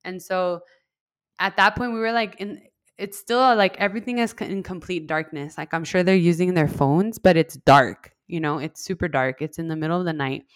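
A woman's voice: lowish voice, moderate pace, no room sound. Chatty woman telling a story, dry sound. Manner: animated, heavy use of "like", acts out quoted lines. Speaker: podcast guest. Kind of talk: casual storytelling.

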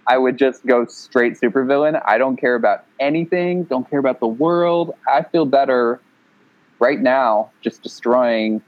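A man chatting casually over a remote call, playful and quick to laugh. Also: mid-range voice, lo-fi sound. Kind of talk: casual chat. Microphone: remote call line.

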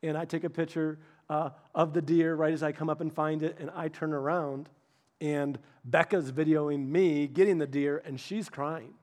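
A middle-aged male pastor preaching a sermon, telling personal stories in an animated, humorous way with frequent restarts. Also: fairly high pitch, normal speed.

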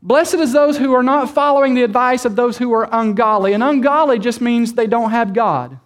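A man's voice: very high voice, moderate pace. A male pastor preaching a sermon in a church, addressing the congregation with direct questions and stretching and repeating key words for emphasis.

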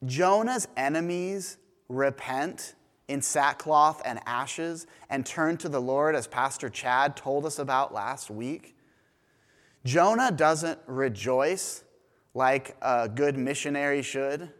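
A man preaching a sermon in a church, retelling a parable in a lively storytelling manner. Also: on the high side. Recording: long reverb of a church hall.

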